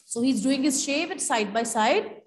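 A school teacher with an Indian accent reads a story aloud in class, pausing to explain it to her students and calling them "beta." Her high voice has lively intonation and a moderate pace, captured in a rough recording.

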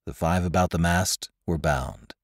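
A man narrating an adventure story in a dramatic, expressive reading. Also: sits low, a little slow, no echo, clean studio sound. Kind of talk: audiobook narration.

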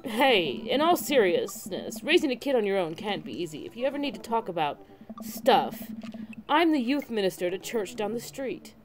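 A woman's voice: medium pitch, big pitch swings, moderate pace, a crowd in the background, close to an everyday voice. A woman voicing a friendly, grinning male neighbor from a dating game, speaking cheerily. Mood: earnest.

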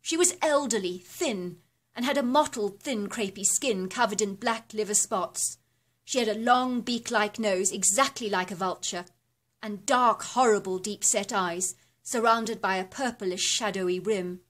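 A woman reading a first-person horror story aloud in a steady, descriptive storytelling manner. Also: medium pitch, a little slow. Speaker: narrator.

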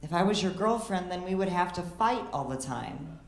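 Young woman from illinois doing stand-up, lowish voice, dry storytelling, echoey club with crowd noise behind. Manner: dry storytelling, quick animated impressions of others. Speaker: stand-up comedian. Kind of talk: stand-up set. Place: comedy club stage. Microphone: handheld stage mic.

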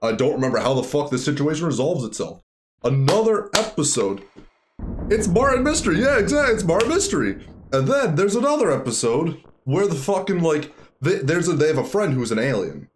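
Animated, rambling young man streamer. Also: fairly high pitch, a little fast, slight background noise. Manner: rambling and profane, animated storytelling. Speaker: streamer playing a horror game. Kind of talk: casual gameplay chat.

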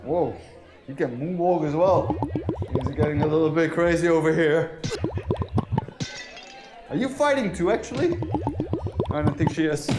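A man's voice: a little high, animated, normal speed, long pauses. A man commentating his VR gameplay in a rowdy, playful way, hamming up drunk bravado and taunting the game's characters. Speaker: VR gameplay YouTuber. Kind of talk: playful let's-play commentary. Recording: roomy sound with loud game music.

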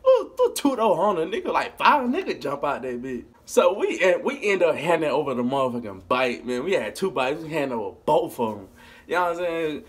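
A man telling a funny story about his youth in a casual, animated, profane way, laughing as he goes. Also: a little high, a little fast, breathy edge. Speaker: vlogger.

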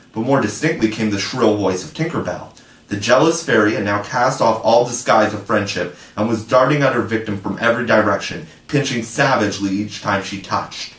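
A man's voice: medium pitch, far from the mic. Man reading a storybook in an echoey room. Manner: measured, expressive reading. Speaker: audiobook reader. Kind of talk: storybook narration.

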